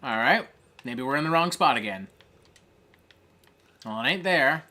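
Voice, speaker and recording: A streamer hosting a casual live gameplay stream, swearing a lot, breaking into excitable rants and reading viewer chat aloud. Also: medium pitch, measured pace. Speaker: streamer host.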